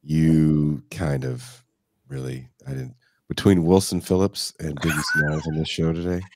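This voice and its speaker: A man's voice: rumbling low, steady tone, unhurried, gravelly, darkish tone, no room sound. A man hosting a podcast, asking questions and reacting in a wry, conversational way. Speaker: podcast host.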